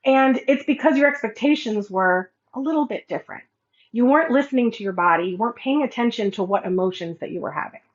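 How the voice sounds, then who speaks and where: Woman host, kinda high voice, animated storytelling, slightly muffled lo-fi sound. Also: fast talker. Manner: animated, acts out quoted dialogue. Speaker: podcast host and life coach. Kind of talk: casual storytelling monologue.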